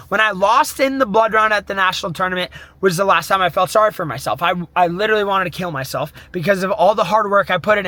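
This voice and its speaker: Young guy ranting a fired-up pep talk, high bright voice, swears a lot, dry close sound. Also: no echo. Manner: intense, profane, self-pep-talking. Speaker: mindset coach. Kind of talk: motivational monologue.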